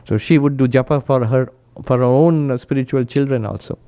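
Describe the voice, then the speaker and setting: A man, a monk, giving a spiritual talk and telling stories with animated quoted voices. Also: fairly quick, smooth. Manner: animated storyteller, raises pitch when quoting, laughs often.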